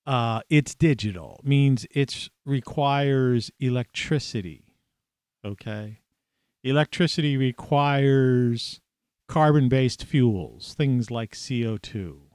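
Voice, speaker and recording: Hoarse man rambling solo. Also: medium pitch, darkish tone, no room sound, studio quality. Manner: rambling, with many fillers and restarts. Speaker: podcast host. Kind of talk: solo monologue.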